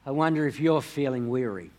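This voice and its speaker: A man preaching a sermon, telling a story in a measured way and dropping his voice quietly on key words. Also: mid-range voice, expressive. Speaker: pastor.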